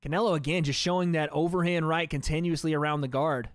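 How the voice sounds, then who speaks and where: A man's voice: on the high side, fairly even intonation, fast talker, no echo, clean studio sound. A man hosting a livestream, giving casual play-by-play commentary on a fight and chatting to his viewers as guys. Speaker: livestream host.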